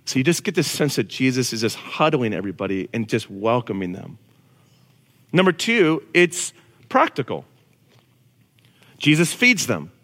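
Animated preacher in an echoing hall. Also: male voice, medium pitch, normal speed, long pauses. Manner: casual, animated preaching with slang. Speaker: pastor. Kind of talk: sermon. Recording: long reverb of a large hall.

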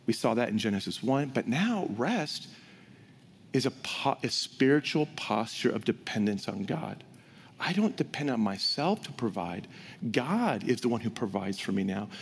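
Animated preacher man in a reverberant church. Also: mid-range voice, normal speed, breathy edge. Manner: animated, swings between loud emphasis and hushed whispers. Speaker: pastor. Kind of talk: sermon. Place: church sanctuary. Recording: hall reverb.

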